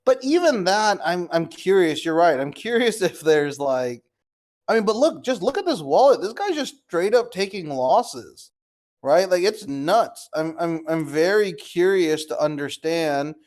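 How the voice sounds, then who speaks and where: A young man with a high, very animated, somewhat slow voice and a darkish tone chats casually while clicking through wallets on a live screen-share. The crypto streamer swears in disbelief and calls his viewers "guys."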